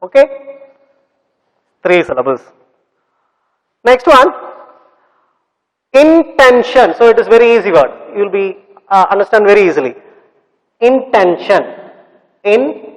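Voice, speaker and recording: A man teaching a class of children, speaking slowly and repeating words and sounds syllable by syllable. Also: high-pitched, big pitch swings. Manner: slow, repetitive, drills sounds syllable by syllable. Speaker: English teacher. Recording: long reverb.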